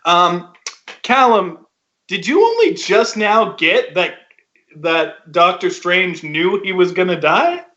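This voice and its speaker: High-voiced man hosting a podcast. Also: big pitch swings, takes it slowly, bright, forceful tone. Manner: leads the talk, asks questions, laughs easily. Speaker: podcast host. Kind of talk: casual podcast chat. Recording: dull lo-fi online call.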